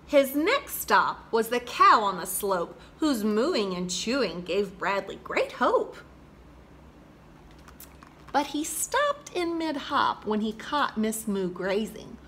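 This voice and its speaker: A woman hosting a children's program and reading a rhyming picture book aloud with an expressive, rhythmic delivery. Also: a little high, slow, slight background noise. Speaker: children's storyteller host.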